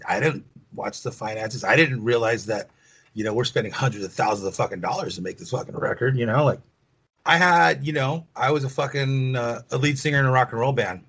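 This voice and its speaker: A man's voice: mid-range voice, a bit bright, husky, low-quality recording. A middle-aged man, a former rock band lead singer, telling stories in an interview in a rambling, profane way full of "you know.". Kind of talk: casual interview storytelling.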